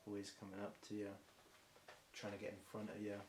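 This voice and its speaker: A man from Britain raps a long freestyle, improvising and rambling with frequent ums. He speaks briskly in a fairly low, monotone voice. There's echo from the room and faint hiss.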